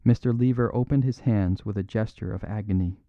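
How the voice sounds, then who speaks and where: A man narrating a classic mystery audiobook in a measured, even storytelling manner. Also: on the low side, no room sound, highs cut off.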